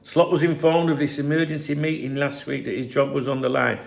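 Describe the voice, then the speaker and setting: Man, football vlog host, slightly raised pitch, rough fry, rambling mocking commentary. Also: little pitch movement, fairly quick. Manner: sarcastic, rambling, mocking reads of press claims. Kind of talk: casual commentary to camera.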